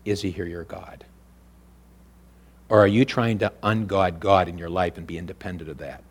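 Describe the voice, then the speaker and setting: A male pastor preaching a sermon, swinging between loud, raised preaching and quiet, low, intimate speech. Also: fairly even intonation, normal speed, husky.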